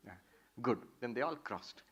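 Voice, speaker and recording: Animated monk giving a talk. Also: male voice, medium pitch, normal speed, breathy edge. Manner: animated, playful storyteller. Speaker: monk teaching Vedanta. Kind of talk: spiritual talk with storytelling.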